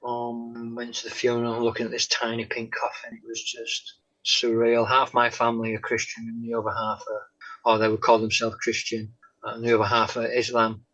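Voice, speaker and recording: A man, a guest telling his faith testimony in an interview, halting with many pauses and "um"s and often dropping to a soft tone. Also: mid-range voice, completely flat delivery. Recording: dull lo-fi sound.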